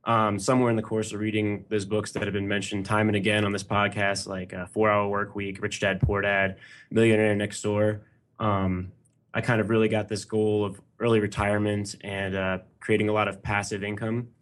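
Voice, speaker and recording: A young man in his twenties talks as a podcast guest, earnest and a little rambling. His voice sits low, and he answers in loose, casual chat. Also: flat delivery, moderate pace, fairly bright tone. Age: 20s.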